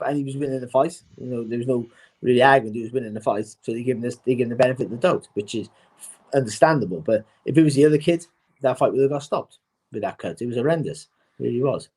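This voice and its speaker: A man talking as a boxing pundit in a casual chat, animated and often repeating words as he starts a point. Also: medium pitch, fast.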